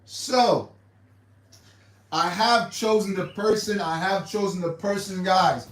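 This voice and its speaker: A man's voice: high-pitched, slow pace. A man hosting a casual livestream, rambling and repeating himself with hesitant restarts. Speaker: livestream host. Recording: echoey room, mic far off.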